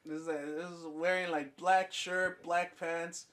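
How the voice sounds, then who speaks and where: A man's voice: a little high, slow pace. A young man on a casual podcast telling a crude story, swearing freely and acting out both sides of a conversation. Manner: profane, animated storyteller acting out dialogue. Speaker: podcast co-host.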